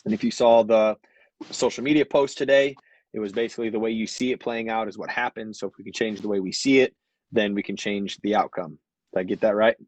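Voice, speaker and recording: A man's voice: on the low side, steady tone, a little fast, a little mellow, dry recording, rough recording. A man hosting a podcast, setting up the topic with a string of questions in a casual, conversational way. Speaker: podcast host.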